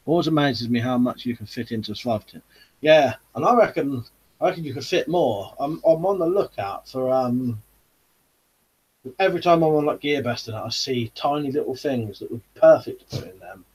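A man's voice: medium pitch, animated, brisk, a little mellow, slightly rough. A man hosting a live chat stream, casually reading out viewer comments and answering them.

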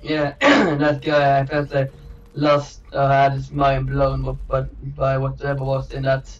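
A man's voice: mid-range voice, completely flat delivery, unhurried. A man casually commentating his own gameplay, rambling and joking, trailing off and restarting as he goes. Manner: rambling and jokey, trails off and restarts, chuckles often. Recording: dull distant mic with faint hiss.

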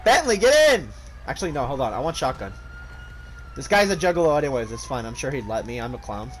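A young man casually commentating a multiplayer game with friends, loud and excitable, swearing often and breaking into shrieking laughs. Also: medium pitch, fast, a little hiss or hum. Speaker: gaming streamer.

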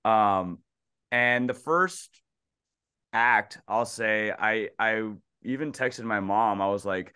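A man's voice: fairly low pitch, slow, bright, forceful tone, clean tone, no echo, clean studio sound. A man guest on a casual podcast who talks in an easygoing, hesitant way and acts out his own quoted reactions.

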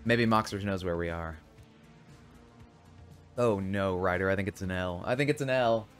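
A man streaming a party game, chatting casually and getting loud and excited as he plays. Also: sits low, normal speed, soft background music. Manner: excitable, shouts and laughs while playing. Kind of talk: casual gaming chat.

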